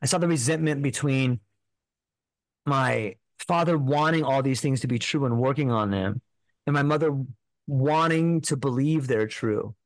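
A man's voice: mid-range voice, moderate pace, no echo. A man telling a personal story as a podcast guest, in an earnest, rambling way full of filler words.

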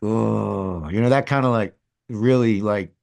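A middle-aged man with a fairly low voice tells a personal story as a podcast guest. He talks candidly and rambles a little. His voice drops quiet and comes back up as he goes. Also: normal speed. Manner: candid, rambling, swings between loud and hushed. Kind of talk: casual storytelling.

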